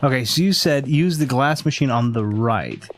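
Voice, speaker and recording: A man's voice: mid-range voice, animated, moderate pace, a little hiss or hum. A man giving casual let's-play commentary, chatty and laughing often as he thinks aloud at the desk mic. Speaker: gameplay streamer. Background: background music.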